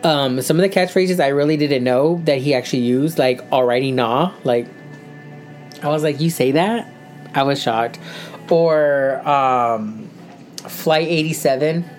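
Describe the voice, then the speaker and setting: A woman's voice: low-pitched, a little slow, darkish tone, soft background music. A woman co-hosting a casual podcast, chatty and rambling as she recaps news. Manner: chatty, rambling, many fillers. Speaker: co-host.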